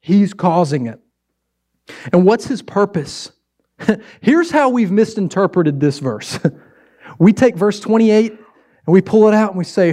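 A man with a high, light voice preaching a sermon to his congregation. He urges his listeners with repeated, emphatic phrases, slowing down to stress key words and then rushing ahead. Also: lively intonation, mellow. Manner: emphatic, repetitive exhortation. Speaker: pastor.

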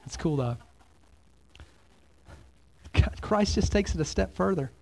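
A man preaching a sermon as pastor, swinging between loud exclamations and hushed, near-whispered lines. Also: high voice, lively intonation, slow pace, gravelly.

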